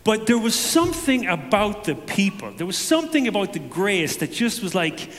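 A man giving a personal testimony to a congregation, telling it as an animated story with self-deprecating humor. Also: high voice, moderate pace, few pauses, in a large hall.

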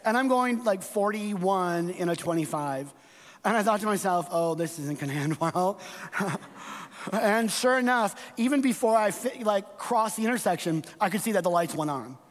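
A man's voice: sits high, lively intonation, moderate pace, fairly bright tone. A middle-aged male pastor preaching a conversational sermon, telling stories and checking in with the congregation with frequent asides. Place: church sanctuary. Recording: long reverb of a church hall.

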